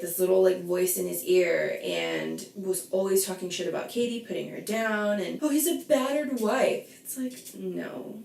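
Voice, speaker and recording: A woman's voice: mid-range voice, vocal fry, a little mellow, reverberant, far from the mic. A woman hosting a reality TV reaction video, a bit tipsy, ranting bluntly and swearing as she recaps. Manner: blunt, profane, heated. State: a little tipsy. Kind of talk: casual reality TV recap rant.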